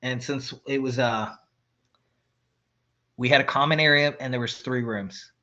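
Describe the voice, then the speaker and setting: A man's voice: medium pitch, a little slow, highs cut off. A man, an army veteran, casually telling stories about an old roommate, laughing often and acting out his friend's lines. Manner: relaxed, laughs often, imitates friends mid-story. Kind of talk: casual podcast storytelling.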